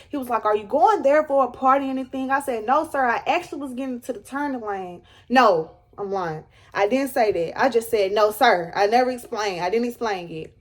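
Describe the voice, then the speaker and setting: A young woman, telling a dramatic storytime to her viewers in a casual, animated way. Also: fairly high pitch. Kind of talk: storytime vlog.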